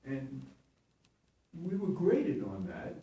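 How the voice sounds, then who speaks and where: Man in his seventies, acting teacher, rambling anecdotes, animated pitch, distant mic in echoey room. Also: slow. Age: 70s. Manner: rambling, chuckling, self-correcting. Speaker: stage actor and acting teacher. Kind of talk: anecdotal interview storytelling.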